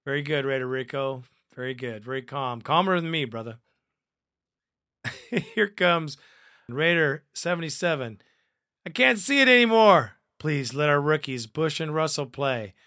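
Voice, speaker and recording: A man hosting a fan podcast, reading listener comments aloud in a profane, excitable way and laughing often. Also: medium pitch, moderate pace, no echo, studio quality.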